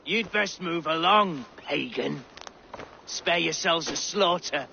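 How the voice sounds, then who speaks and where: An actor playing a hostile soldier, speaking slowly and with menace. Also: male voice, a little high, creaky, sharp tone, dull audio, slight background noise, full character voice. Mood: threatening. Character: hostile English camp soldier, threatening.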